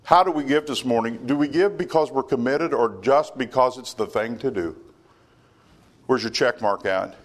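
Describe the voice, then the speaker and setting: A man's voice: mid-range voice, moderate pace. A male pastor preaching a sermon, emphatic, with many rhetorical questions and stammered restarts.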